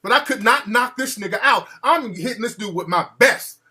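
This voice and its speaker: A man hosting a call-in show, telling a story in an animated, profane way and acting out the quotes. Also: very high voice, normal speed. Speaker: radio show host.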